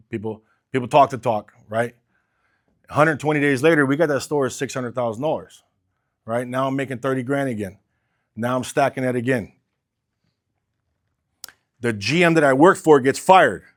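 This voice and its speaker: Swearing, storytelling man. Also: mid-range voice. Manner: conversational, keeps asking "right?", swears freely, acts out quoted talk. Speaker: car business coach telling his story. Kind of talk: casual personal storytelling.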